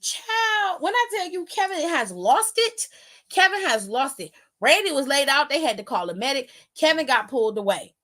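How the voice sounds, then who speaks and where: High-pitched young woman recapping a show, super animated, acts out everybody's lines. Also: moderate pace. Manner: lively storyteller, acts out quotes, slangy. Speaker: wrestling show recap host.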